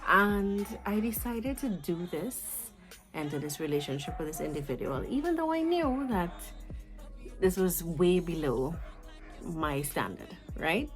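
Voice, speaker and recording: A Trinidadian woman in her twenties telling a storytime vlog in an animated, chatty way, with asides to her viewers. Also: fairly low pitch, unhurried, soft background music, low-quality recording. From Trinidad and Tobago. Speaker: vlogger.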